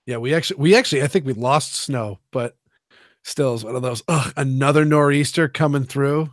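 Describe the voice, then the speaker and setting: A man from Maine co-hosting a casual podcast, joking and animated, with lots of filler words. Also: medium pitch, a little fast, no echo, studio quality. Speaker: podcast co-host.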